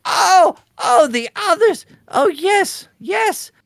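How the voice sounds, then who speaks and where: Fussy old granny innkeeper, game master voice, high and rambling, dry sound. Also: expressive, extremely slow, no room sound, full character voice. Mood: flustered. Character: forgetful old grandmother innkeeper, hospitable.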